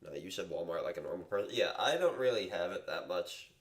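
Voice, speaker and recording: A man's voice: low voice, lively intonation, fast talker. A young man from Massachusetts chatting casually on a live trading stream, rambling and joking at his own expense. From Massachusetts, USA. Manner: rambling, self-deprecating, joking.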